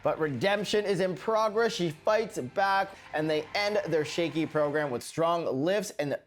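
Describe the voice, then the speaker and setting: A man hosting a figure skating recap show, commentating over highlights in a lively, playful way. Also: measured pace, slight background noise. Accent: put-on British accent. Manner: playful, chatty sign-off with a put-on accent.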